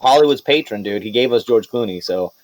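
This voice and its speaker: A man's voice: lowish voice, lively intonation, a little fast, rough recording. A man running a tabletop game as game master, chatting and recapping with laughs and loose asides.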